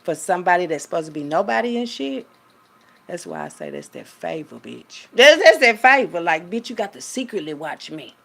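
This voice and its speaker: Gravelly-voiced woman rambling to viewers. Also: low-pitched, huge pitch swings, brisk. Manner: rambling, talks to viewers, reads aloud. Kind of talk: casual monologue.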